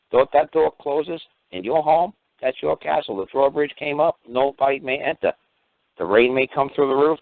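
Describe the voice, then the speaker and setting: A man's voice: medium pitch, dry recording. Profane man ranting on a phone line. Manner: profane, fires rhetorical questions. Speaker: guest speaker on a call-in show. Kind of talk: heated call-in rant. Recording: dry tinny phone line.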